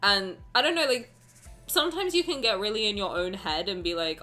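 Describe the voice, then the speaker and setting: A young woman streaming live, chatting casually with her viewers in an excitable, exclamatory way, swearing now and then and sounding close to tears. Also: mid-range voice, fairly quick. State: emotional, near tears. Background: faint music.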